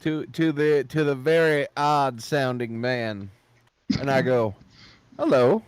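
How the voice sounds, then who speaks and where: A man's voice: medium pitch, slow pace, clean tone, no echo. A man playing a tabletop game, speaking politely and chattily in character. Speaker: player. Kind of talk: tabletop role-play.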